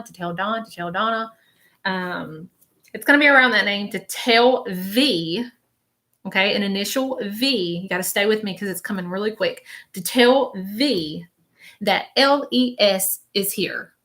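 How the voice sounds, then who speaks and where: A woman's voice: mid-range voice, bright, forceful tone. A woman hosting a live stream as a spiritual medium, chatty and reassuring, repeating messages and checking in with the viewers. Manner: chatty, repeats phrases, relays messages as quotes; reassuring, keeps checking in with "okay?". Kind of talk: live stream psychic reading.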